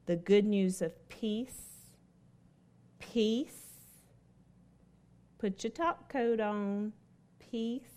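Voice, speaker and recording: Woman preaching a devotional, slow and emphatic, repeats herself, asks the crowd questions. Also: medium pitch, darkish tone. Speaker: lay speaker at a devotional. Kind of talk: devotional talk with personal story.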